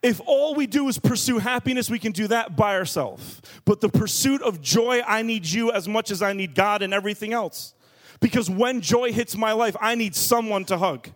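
Animated, joking preacher man. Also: high voice, moderate pace. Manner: lively, joking and emphatic, stressing key words. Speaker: pastor. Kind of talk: sermon.

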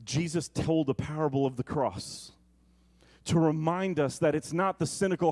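A man's voice: fairly high pitch, normal speed, darkish tone. A male pastor preaching a sermon in a conversational way, with comic asides.

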